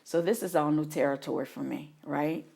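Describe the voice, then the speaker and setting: Guest, woman from New Orleans, middle-aged, low and gravelly, animated storyteller. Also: fairly quick. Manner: animated retelling, acts out her own past reactions. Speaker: guest, mother of an incarcerated son. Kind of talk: emotional interview storytelling.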